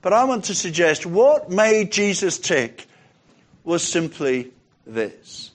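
A man preaching a sermon, emphatic, asking rhetorical questions and slowing down on key phrases. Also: sits high, big pitch swings.

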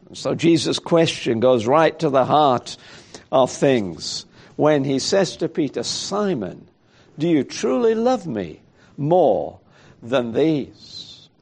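A man's voice: fairly high pitch, vocal fry, a little mellow. A man preaching a sermon in a reflective way, thinking aloud and asking rhetorical questions.

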